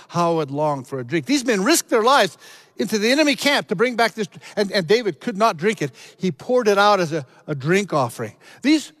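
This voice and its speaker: A man preaching a sermon, earnest, climbing to emphatic peaks and then dropping low, often repeating words as he restarts. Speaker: pastor.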